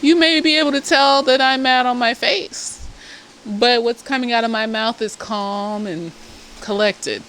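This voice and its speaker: Animated, profane woman with a high-set voice. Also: a little slow, poor audio. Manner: animated, blunt and profane, with lots of asides. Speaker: therapist reviewing a TV episode. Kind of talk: casual review chat. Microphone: self-filmed camera.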